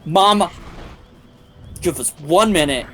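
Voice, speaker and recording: A man's voice: on the high side, slow pace, slight background noise. A man streaming a game, telling a long anecdote in casual chat, with lots of swearing and voices for the people in his story. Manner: profane, animated anecdote-telling with quoted voices. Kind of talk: casual storytelling while gaming.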